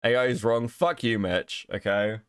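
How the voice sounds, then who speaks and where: A man's voice: medium pitch, normal speed, clear, resonant tone, dry recording, studio quality. A young man chatting casually on a livestream, joking and swearing as he reads chat. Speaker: streamer co-host.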